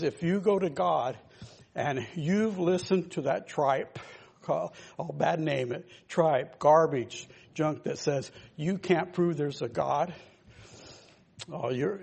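Older male pastor, husky gravelly voice, a bit high, rambling emphatic sermon. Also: darkish tone. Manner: rambling, emphatic preaching with asides to listeners. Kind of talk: informal sermon.

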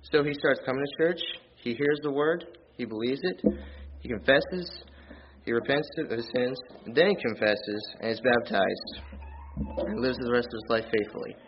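A man preaching a sermon in church, reading scripture aloud in a plain, earnest way and rising in pitch and volume on his key points. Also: normal speed, dull audio, a little hiss or hum. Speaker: lay preacher.

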